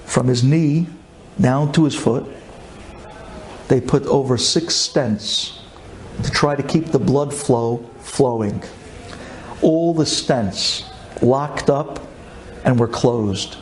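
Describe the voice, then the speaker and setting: A man's voice: takes it slowly, long pauses, a little hiss or hum. Fervent man preaching a story. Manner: fervent, pleading, swings from low calm to high emotional cries; repeats phrases for emphasis. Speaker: rabbi telling an inspirational story. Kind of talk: impassioned storytelling sermon.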